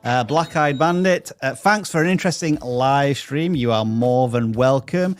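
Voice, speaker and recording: A man's voice: mid-range voice, normal speed. A man hosting a live stream, upbeat as he reads out viewer messages and answers them.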